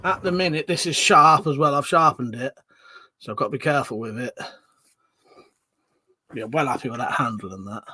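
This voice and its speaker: A man hosting a casual live stream, chatting and greeting viewers by name, with loud greetings and quieter mumbled asides. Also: medium pitch, brisk, long pauses, breathy edge.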